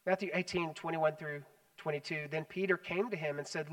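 A man preaching a sermon as pastor, animated, swinging between loud emphasis and hushed asides. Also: on the high side, brisk, far from the mic, rough recording. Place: church sanctuary.

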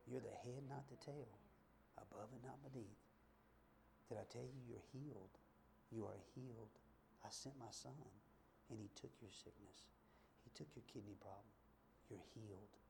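A preacher whispering as a tender, loving God. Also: male voice, lowish voice, normal speed, noisy background, pitched below the performer's own voice. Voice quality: hushed, breathy whisper. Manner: soft, tender, comforting promises. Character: gentle loving God, male, close and reassuring. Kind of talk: whispered role-play.

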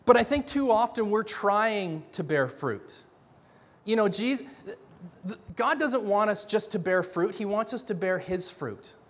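A middle-aged man preaches in a loose, conversational way, restarting phrases and acting out little scenes. His voice sits high for a man. The sound rings with the long reverb of a large church hall. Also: unhurried. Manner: animated, conversational, many restarts, acts out dialogue. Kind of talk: sermon.

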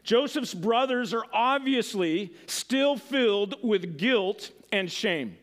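Animated high-voiced preacher, a man. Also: slow. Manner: animated, rhetorical questions, emphatic. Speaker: pastor. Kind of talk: sermon with scripture reading.

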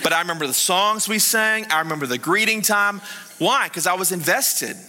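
Bright-voiced pastor in a reverberant hall. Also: male voice, high voice, normal speed. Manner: animated storytelling, swings between hushed and excited. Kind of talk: sermon.

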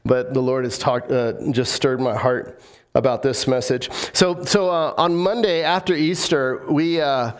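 A man's voice: medium pitch, fairly even intonation, a little slow, clear, resonant tone. A man preaching a sermon as pastor, telling stories in a casual, joking way with many restarts.

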